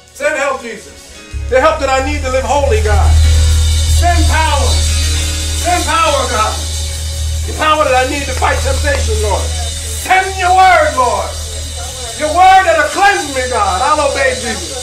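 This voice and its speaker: A man leads a congregation in fervent prayer, pleading and repeating his calls to God, sometimes lifting into shouts. His voice sits very high. He is heard from a distance in a roomy, echoing space with music playing underneath. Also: expressive, unhurried. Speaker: preacher leading prayer. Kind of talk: impassioned prayer sermon. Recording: echoey room with music behind, off-mic.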